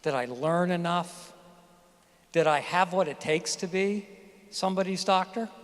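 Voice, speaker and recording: A middle-aged physician giving a graduation speech, telling a personal story in a candid, emphatic way. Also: male voice, high voice, a little slow. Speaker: commencement speaker, physician. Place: graduation ceremony hall. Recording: hall reverb from a ceremony venue.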